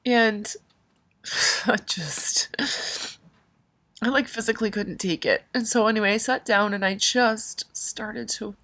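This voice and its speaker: A woman's voice: mid-range voice, slow pace, long pauses, bright, forceful tone. A middle-aged woman hosting a podcast, telling a personal story in an emotional, rambling way with many fillers. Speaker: podcast host.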